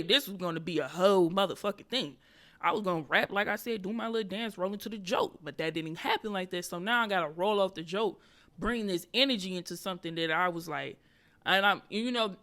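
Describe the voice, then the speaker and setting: A woman hosting a podcast, telling a story in a casual, profane way and swinging between loud outbursts and low muttered asides. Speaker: podcast host and comedian.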